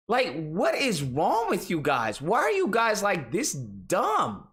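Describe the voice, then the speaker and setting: A man's voice: high voice, wildly swooping pitch, slow, hardly any pauses, fairly bright tone. A young man hosting an online commentary show, ranting in a casual, exasperated and profane way. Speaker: political commentary host.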